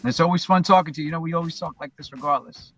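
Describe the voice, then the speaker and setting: Male guest, husky, conversational and heartfelt, loops back on his phrases; faint music bed. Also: on the high side, very fast, a bit bright. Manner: rambling, repeats phrases, heartfelt. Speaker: podcast guest, voice actor. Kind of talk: casual reflective interview talk.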